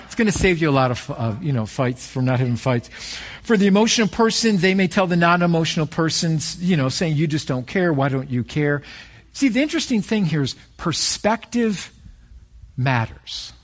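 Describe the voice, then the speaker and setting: A middle-aged man preaching a sermon as a pastor, conversational and storytelling, with animated peaks. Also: a little high, moderate pace.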